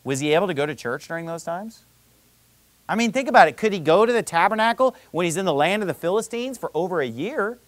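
A man preaching a sermon in an animated, conversational way, full of rhetorical questions and quoted scripture. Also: sits high, quick pace, no echo. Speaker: pastor.

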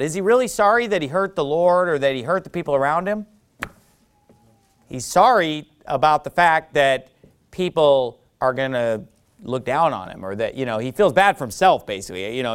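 A man preaching a sermon, who acts out the people he quotes with sudden loud outbursts. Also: fairly high pitch, expressive, a little fast, smooth.

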